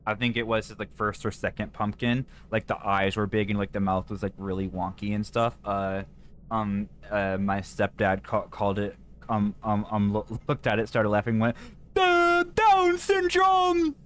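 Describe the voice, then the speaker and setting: A man's voice: fairly low pitch, little pitch movement, a little hiss or hum. A man streaming a horror game, chatting casually with a co-player and stumbling through fillers and restarts. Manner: stammering, full of fillers and restarts; quick, mumbled asides to himself. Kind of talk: casual chat while gaming.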